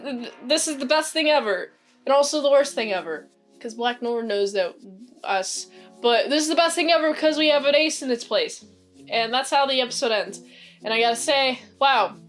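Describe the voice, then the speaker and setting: A fairly high-voiced woman talks through a TV episode in a loose, rambling recap. She gets excitable and fills her talk with fillers. Soft music plays quietly behind her. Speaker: TV show reviewer. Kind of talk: casual recap and review. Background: faint background music.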